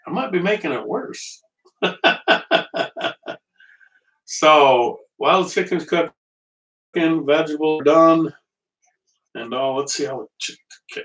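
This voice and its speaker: Picked up by a distant mic, this man's voice sits on the high side and has a slightly bright quality. He's a home cooking show host streaming live from his kitchen, chatting and cracking jokes with viewers while his small portable stove does its work.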